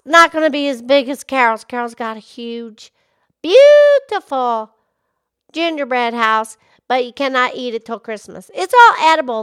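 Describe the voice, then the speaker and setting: A bubbly little pig girl hosting a kids' podcast, voiced by a woman, all squeaky sing-song chatter. Her voice sits up high and bounces with excitement as she chats with her co-host. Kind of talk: in-character kids' podcast chat.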